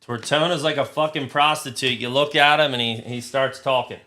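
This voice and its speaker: A man hosting a live trading card break, talking crudely and getting excited, shouting over big pulls. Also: medium pitch, moderate pace, faint music behind.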